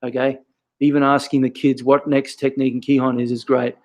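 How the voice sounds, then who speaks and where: A man's voice: mid-range voice, little pitch movement, a little fast, a little mellow. A man, a karate instructor giving casual teaching advice, peppering his talk with questions and "okay".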